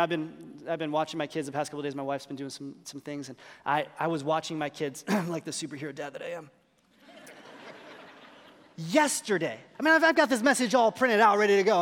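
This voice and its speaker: A man in his thirties, a pastor preaching a sermon and telling self-deprecating stories about his young children. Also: high-pitched. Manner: self-deprecating storytelling, lively voice changes. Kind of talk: sermon with humorous family stories. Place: church hall. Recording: long reverb of a large hall.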